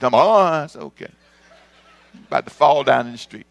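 A man preaching a sermon as pastor, animated, swinging from loud exclamations to quiet asides. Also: fairly high pitch, moderate pace, vocal fry, long pauses, no echo, soft background music.

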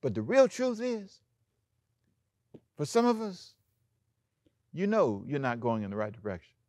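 A man pastor preaching a sermon in an animated way, acting out quoted lines and chuckling often. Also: on the high side, a little slow, dry recording, clean studio sound.

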